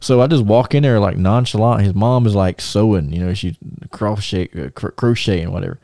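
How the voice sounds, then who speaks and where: Guy hosting a podcast, warm low-key voice, rambly and animated, dry close mic. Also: fairly quick, creaky, no echo. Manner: rambling, many restarts and fillers, animated. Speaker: podcast host. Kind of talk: casual storytelling and show segment intro.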